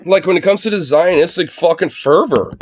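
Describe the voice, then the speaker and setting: A man's voice: high-pitched, brisk. A young man streaming live from his phone, ranting sarcastically and profanely through his commentary. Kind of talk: livestream commentary rant.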